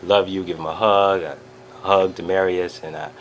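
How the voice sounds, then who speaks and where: A man with a very low voice tells his story in an animated, eager way. He fills it with "you know" and "uh" and acts out each quote. A faint hiss sits under the recording. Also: normal speed. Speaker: vlogger. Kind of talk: excited personal recap.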